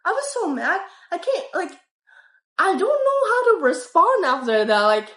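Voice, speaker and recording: A woman's voice: very high voice, moderate pace. A young woman telling a candid, profane storytime to her channel, in a casual vlog monologue. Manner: candid, profane, animated retelling. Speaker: vlogger. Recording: echoey room.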